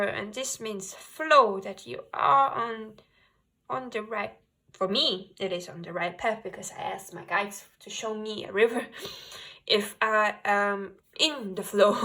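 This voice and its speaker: Slow, bright-voiced woman tarot reader. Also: medium pitch. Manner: soft-spoken, gentle, laughs often, slow and unhurried. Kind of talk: pick-a-card tarot reading.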